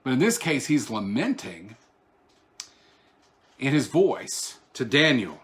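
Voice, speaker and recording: A man's voice: medium pitch, big pitch swings, slow, pauses often, a bit bright. A man, a pastor, teaching a Bible study online in a conversational way, with asides and restarts, raising his voice when he reads scripture. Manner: reads scripture aloud in a raised, declaiming voice.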